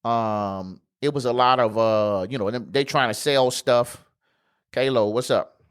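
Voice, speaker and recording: A man's voice: mid-range voice, unhurried, clean tone. A man hosting a podcast, telling a travel story in a loose, slangy, profane way with plenty of fillers. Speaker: podcast host. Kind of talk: casual storytelling.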